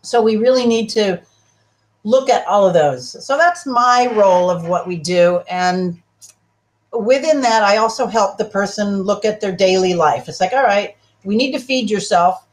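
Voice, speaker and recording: A woman's voice: medium pitch, measured pace. A woman, a talk show guest and health practitioner, explaining her work in a casual way and acting out talks with clients. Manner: animated, acts out client dialogues.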